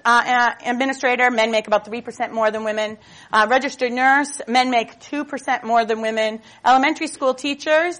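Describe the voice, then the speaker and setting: A woman speaks from a stage as a motivational speaker, her voice sitting a touch high. She talks nonstop in a lively, storytelling way, dropping self-mocking jokes as she goes. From Boston. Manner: jokey, self-mocking asides. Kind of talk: stage talk.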